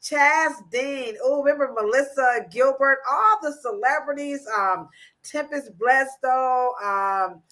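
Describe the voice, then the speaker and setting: A woman hosting a casual livestream chat, animated and playful, laughing often. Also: high-pitched, slow. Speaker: host.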